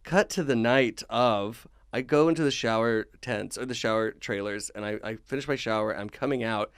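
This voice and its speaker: A young man, a comedian guest on a podcast, telling a story in a lively way, laughing often and acting out his own shouting. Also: medium pitch, normal speed, clear, resonant tone, dry recording, clean studio sound. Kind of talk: casual storytelling.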